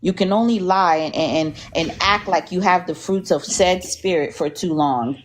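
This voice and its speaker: A woman's voice: on the low side, normal speed, a little hiss or hum. A woman joining a live stream, scornful and mocking toward someone.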